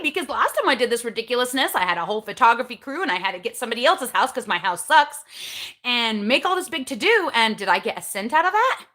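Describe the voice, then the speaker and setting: A woman's voice: on the high side, very animated, quick pace, bright, forceful tone. A woman in her forties hosting a casual live chat, candid and chatty, often asking herself questions and answering them, then giving step-by-step coaching advice. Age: 40s. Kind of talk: casual live-stream talk.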